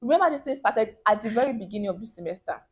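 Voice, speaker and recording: A young woman, telling a personal story to camera in a casual, animated way and acting out the people she quotes. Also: fairly high pitch, racing, breathy edge. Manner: animated, acts out quoted voices, bursts of laughter.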